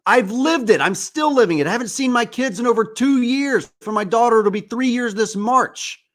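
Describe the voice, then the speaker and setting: Angry high-voiced man ranting. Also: lively intonation, normal speed. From United States. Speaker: podcast host. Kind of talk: impassioned monologue.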